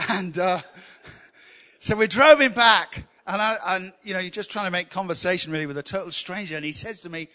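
A man preaches, his voice high and bright as he tells funny, self-deprecating stories. The sound carries a long reverb from the church hall around him. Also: fairly quick. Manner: humorous, self-deprecating, animated. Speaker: pastor. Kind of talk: sermon with storytelling.

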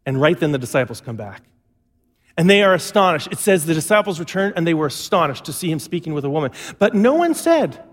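A man's voice: on the high side, big pitch swings, fast. A male pastor preaching a sermon, telling stories and acting out the lines he quotes. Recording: long hall reverb.

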